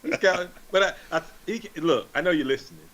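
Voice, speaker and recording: Animated, higher-voiced co-host. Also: male voice, quick pace, poor audio. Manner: animated, teasing, slangy banter. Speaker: podcast co-host. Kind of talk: casual sports podcast chat.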